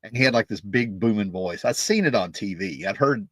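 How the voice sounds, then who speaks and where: A man in his fifties with a fairly low voice tells a loose, rambling story about meeting musicians, speaking as a music vlogger. He keeps tossing in "right?" and "you know" as he goes. The sound is dry and close, with no room echo. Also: expressive, fairly quick. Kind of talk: casual storytelling.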